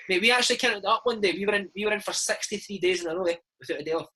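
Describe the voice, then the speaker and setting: A Scottish man in his thirties, a former footballer telling stories in a casual interview, animated and peppering his talk with "mate". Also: high-pitched, rapid-fire, hardly any pauses, breathy edge, rough recording. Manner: animated, chatty, keeps saying mate. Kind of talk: casual storytelling chat.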